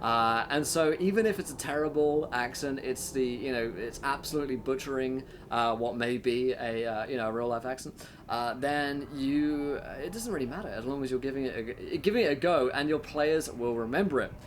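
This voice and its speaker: A man's voice: medium pitch, normal speed, slight background noise. A man, hosting and running a tabletop game stream, giving tips in a chatty, filler-heavy way. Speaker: game master and host. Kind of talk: casual explanatory talk on a stream.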